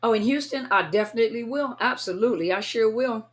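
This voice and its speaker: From her home in California, a woman hosts a casual live stream, greeting viewers one at a time and reading their names aloud. Her voice is on the high side and quick, warm and chatty, though she sounds a little tired.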